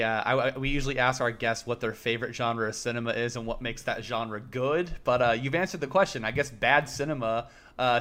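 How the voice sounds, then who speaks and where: A man's voice: mid-range voice, a bit bright. A man hosting a podcast in casual chat, rambling and self-mocking, laughing often between restarts. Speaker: podcast host.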